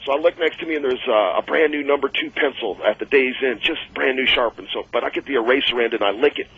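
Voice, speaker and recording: A man's voice: medium pitch, fast, slightly rough. A middle-aged man, a former wrestler, telling rambling, chuckling stories as a guest on a radio show. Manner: rambling, chuckling storyteller with many fillers. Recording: dull lo-fi radio audio.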